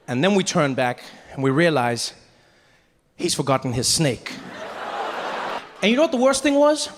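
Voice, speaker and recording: A male stand-up comic telling a story on stage, with a fairly high voice that swings wide for effect. A faint live-show hum sits behind him. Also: moderate pace, pauses often. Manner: animated, big voice swings for characters. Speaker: stand-up comedian.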